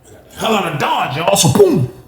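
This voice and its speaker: A young man tells a story in a loose, slangy, profane way, his voice jumping around a lot. He sits a bit high for a man, in a roomy room with echo. A faint noise hums underneath. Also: huge pitch swings, fairly quick. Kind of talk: casual storytelling.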